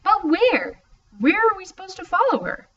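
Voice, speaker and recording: A woman's voice: very high voice, very animated, normal speed, a bit bright, voice pushed up, exaggerated voice. A woman reading an audiobook, voicing a sarcastic, dramatic teenage girl with a mocking, exasperated manner. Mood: mocking exasperation. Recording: distant, muffled, faint hiss.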